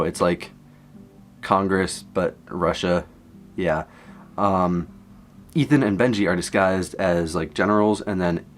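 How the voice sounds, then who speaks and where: A young man casually recapping a movie from memory, rambling and excitable, jumping from low asides to high exclamations. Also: a little hiss or hum. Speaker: content creator.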